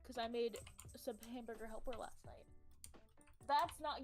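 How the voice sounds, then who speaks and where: Uma jovem com sotaque americano conta uma história de forma animada e cheia de palavrões, imitando as pessoas com vozes mais agudas. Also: female voice, unhurried, long pauses, soft background music. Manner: animated, acts out quoted people in higher voices, swears freely. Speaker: streamer. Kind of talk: casual storytelling on a game stream.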